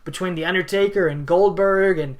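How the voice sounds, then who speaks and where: A man's voice: high-pitched, fairly quick. A man co-hosting a wrestling podcast, playful and enthusiastic in his casual chat. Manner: playful, enthusiastic, jokey intros. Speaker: podcast co-host.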